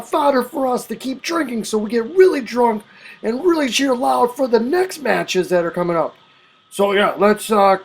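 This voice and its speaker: A man hosting a fantasy football playoff show in a hammy mock wrestling-announcer style, swinging his voice from low to high. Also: rough recording. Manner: exaggerated, swings between low and high pitch.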